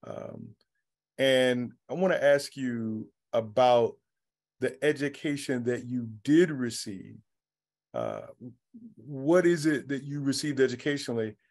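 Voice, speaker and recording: Measured man moderating a panel. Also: medium pitch, lively intonation, creaky, a little mellow. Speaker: pastor and interviewer.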